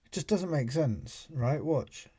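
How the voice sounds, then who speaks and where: A British channel host with a fairly high, animated voice speaks slowly over a very noisy recording. He casually comments on a video clip he's playing for viewers, leaning on sarcasm and rhetorical questions.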